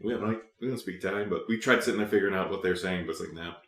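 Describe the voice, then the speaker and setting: A man's voice: deep voice, rapid-fire, fairly bright tone, reverberant, a little hiss or hum. A man hosting a podcast, telling a story in casual chat, laughing often and acting out the voices of people he quotes. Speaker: podcast host.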